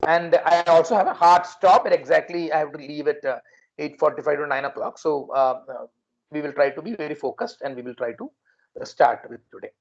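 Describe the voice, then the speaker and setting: A man's voice: a little high, a little fast, vocal fry, highs cut off. A man teaching a language class, patiently repeating and drilling words for his students. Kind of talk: online class lesson.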